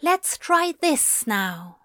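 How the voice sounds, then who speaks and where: A composed male angel from an audiobook story who speaks pointedly and firmly, his voice lifted high and lively, as a woman reader plays him. The sound is dry and close. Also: no echo, full character voice. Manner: pointed, measured. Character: calm, firm male angel, gently commanding.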